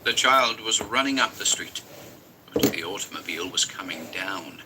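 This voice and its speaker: A man with a fairly low voice reads a horror story aloud in an intense, dramatic way. His narration carries a clear hiss of background noise. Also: expressive, normal speed. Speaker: story reader.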